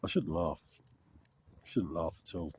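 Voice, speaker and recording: Camping in a frosty wood, a middle-aged vlogger rambles frankly to his camera in a casual chat. He talks at a normal speed in a low, slightly mellow voice with a touch of roughness.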